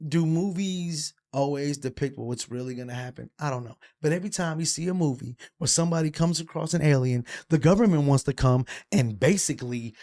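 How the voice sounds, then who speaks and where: A young man co-hosting a casual podcast, telling stories in an animated, profane way and acting out quotes. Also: on the high side, brisk, hardly any pauses. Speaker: podcast co-host. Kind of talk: casual chat.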